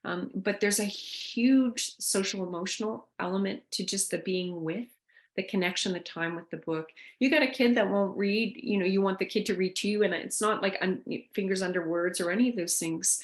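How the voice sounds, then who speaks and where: A woman's voice: mid-range voice, moderate pace. A woman presenting a caregiver workshop, talking loosely with fillers and restarts. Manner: conversational, thinks aloud with fillers and restarts. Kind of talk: online workshop talk.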